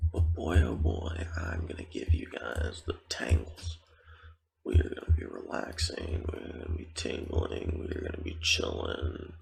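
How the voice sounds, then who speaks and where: A man's voice: rumbling low, vocal fry. A man whispering ASMR gaming commentary and rambling playfully with goofy asides. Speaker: ASMR gaming channel host.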